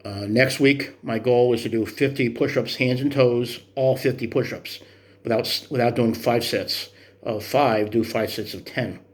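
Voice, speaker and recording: A vlogger in his fifties walks through his workout progress in a motivational fitness vlog, earnest and encouraging though rambling. He speaks in a steady, mid-range voice at a moderate pace.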